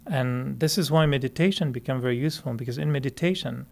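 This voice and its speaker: This meditation teacher talks fast in a medium-pitched voice with vocal fry, addressing a group in a relaxed, chatty manner. A native French speaker with a French Canadian accent, he laughs often and keeps restarting sentences.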